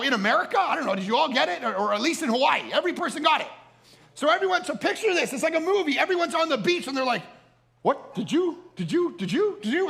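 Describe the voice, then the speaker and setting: A man preaching a storytelling sermon at a family camp, animated and prone to repeating words and restarting sentences. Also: very high-pitched, gravelly. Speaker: camp speaker.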